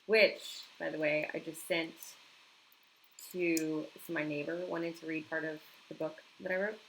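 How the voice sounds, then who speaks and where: A woman's voice: low-pitched, vocal fry, a bit bright, slight background noise, poor audio. A woman chatting casually on a home live stream, reacting to viewer comments and laughing often.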